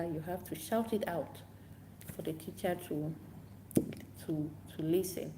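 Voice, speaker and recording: A woman English teacher giving casual tips to camera, unhurried and repetitive, acting out classroom chants aloud. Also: fairly low pitch, very noisy.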